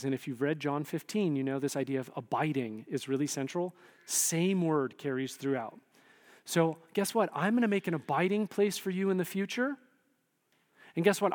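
Animated man preaching in a reverberant hall. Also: fairly high pitch. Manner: conversational, animated, frequent "right?" asides. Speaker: pastor. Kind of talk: sermon.

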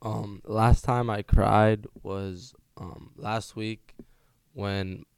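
A man's voice: fairly low pitch, fairly even intonation, very slow, smooth, dry recording, clean studio sound. A young man in his late teens sharing candidly as a student guest, correcting himself as he goes. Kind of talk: personal sharing.

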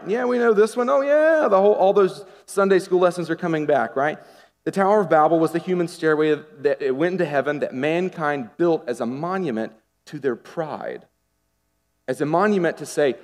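A man delivers a sermon in a slightly high voice, chatty and animated, throwing rhetorical questions at his listeners. His voice rings out with the long reverb of a large church sanctuary. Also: normal speed. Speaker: pastor.

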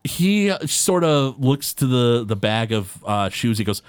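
A man running a tabletop game as game master, narrating in a relaxed, hesitant way. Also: medium pitch, unhurried, few pauses, clear, resonant tone, no echo.

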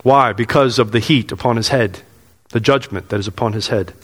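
A man's voice: medium pitch, brisk. A pastor preaching a sermon in earnest, repeating his phrases and asking the congregation questions. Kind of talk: expository sermon. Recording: long hall reverb.

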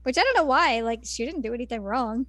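A woman's voice: on the high side, lively intonation, quick pace, a bit bright, no room sound. A woman co-hosting a casual podcast, chatty with wry quips. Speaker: podcast co-host. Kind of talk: casual chat.

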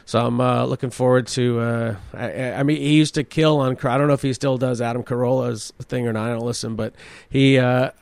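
A man's voice: mid-range voice, steady tone, fairly quick, gravelly, a little mellow, no echo. A man hosting his own comedy podcast, rambling and swearing freely as he riffs on news stories and his week. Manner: crude, rambling, swears often, laughs at himself. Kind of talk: casual solo podcast commentary.

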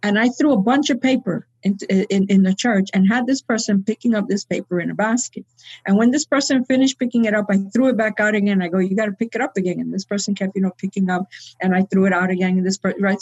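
A woman's voice: mid-range voice, fast talker, a little mellow, breathy edge, muffled recording. A woman telling a long church story in conversation, acting out the people she quotes. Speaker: guest speaker.

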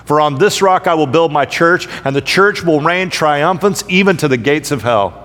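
A man's voice: fairly high pitch, animated, normal speed, fairly bright tone, in a large hall. A middle-aged man preaching a sermon, conversational and humorous, telling stories and acting out voices. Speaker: pastor. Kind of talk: sermon with storytelling. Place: large church hall.

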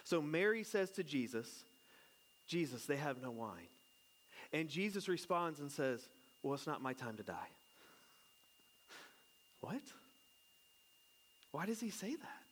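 A man in his thirties or forties preaching a relaxed sermon in an easy, chatty way. He jokes and asks his listeners questions as he walks through a Bible passage. His voice sits a little higher than most men's. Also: slow pace, long pauses. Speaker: pastor. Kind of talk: casual conversational sermon.

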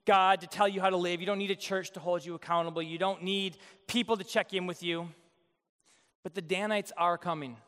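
High-voiced joking male preacher. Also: fairly bright tone, big-room sound. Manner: conversational, joking, acts out quotes. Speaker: pastor. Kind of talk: sermon.

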